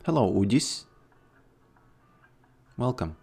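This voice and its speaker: A man's voice: lowish voice, very animated, takes it slowly, creaky, a little mellow, husky, faint music behind. A man streaming a game and chatting casually with his viewers, laid-back and often trailing off mid-sentence. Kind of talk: casual livestream chat while gaming.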